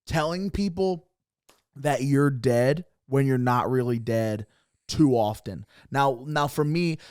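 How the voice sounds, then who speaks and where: A man's voice: mid-range voice, slow pace, a little mellow, clear, resonant tone, no echo, clean studio sound. A man co-hosting a comedy podcast, rambling through casual banter and chuckling between jokes.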